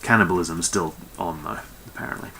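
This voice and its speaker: A man's voice: low-pitched, a little fast, creaky, bright, forceful tone, slightly rough. A man reading a science fiction novel aloud, breaking off for sarcastic asides and swearing. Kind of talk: comedic book reading with snarky asides.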